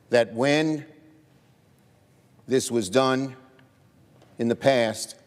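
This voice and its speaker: A man, a senator, asking formal questions on the floor of a large legislative chamber, in careful parliamentary phrasing. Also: medium pitch. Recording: long chamber reverb.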